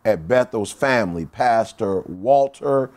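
A man co-hosting a podcast, excitable in casual chat with preacherly shout-outs. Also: on the low side, unhurried. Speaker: podcast co-host.

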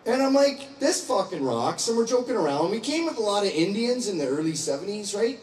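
A man's voice: high voice, lively intonation, fast, darkish tone, roomy sound, distant mic, slight background noise, rough recording. A man in his forties giving a crude, joking speech to a crowd. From Scottish parents, raised in England and Canada. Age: 40s. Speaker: public speaker.

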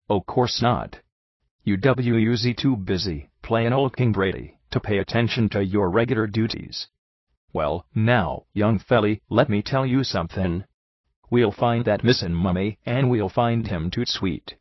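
Low, husky Irish cop, gruff and folksy, as a man plays him. dull dry audiobook sound. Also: no echo, lightly acted. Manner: folksy, drawling, dropped g's. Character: gruff Irish police sergeant, middle-aged man.

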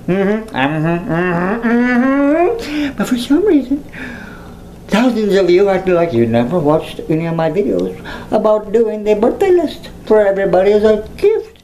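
A man's voice: high-pitched, warm tone, slight background noise, rough recording. A man chatting casually to viewers on a livestream, playful and giggly, often slipping into mocking sing-song voices. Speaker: YouTuber.

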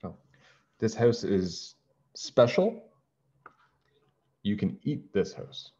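A man, a teacher, reading a children's storybook aloud to his class in a slow, clear and expressive way, in a lo-fi recording. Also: fairly low pitch. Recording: dull lo-fi recording.

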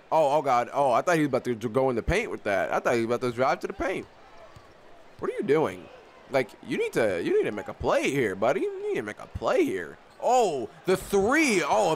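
A young man giving casual live commentary on his own basketball video game, excitable and often repeating himself as he talks to the players on screen. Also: medium pitch, slight background noise. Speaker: gaming YouTuber.

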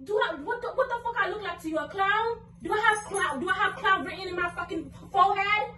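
Furious high-voiced young woman, echoey room. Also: fast. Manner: angry, cursing, repeats herself, rising to shouts. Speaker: vlogger, girlfriend in a prank video. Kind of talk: heated casual argument. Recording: echoey room, mic at a distance, faint noise.

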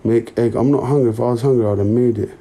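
A man's voice: medium pitch, fairly even intonation, quick pace, dark tone. A young man chatting casually and in to his livestream viewers on a phone mic. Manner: laid-back, slangy, talks to his chat.

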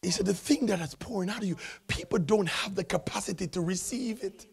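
Gravelly husky guy preaching, high bright voice, goes quiet then yells. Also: brisk. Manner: emphatic, swings between hushed and shouting. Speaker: pastor. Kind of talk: sermon. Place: church.

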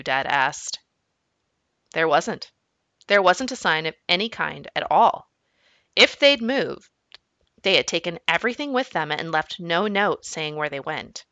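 A woman reads a children's book aloud as a teacher, with an expressive storytelling manner. Her voice is low-pitched but lively and bright. The sound is dry and close. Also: moderate pace, no room sound. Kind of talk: storybook read-aloud narration.

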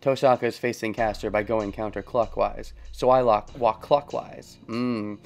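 A man's voice: on the low side, fairly even intonation, moderate pace, creaky, faint music behind. A man hosting a let's play, thinking aloud about a story and chuckling often as he comments casually.

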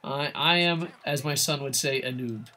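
A man streaming a video game, chatting casually with viewers in an excitable, rambling way, swearing often and poking fun at himself. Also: mid-range voice, normal speed. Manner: excitable, rambling, swears a lot, self-mocking. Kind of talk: casual live-stream chat while gaming.

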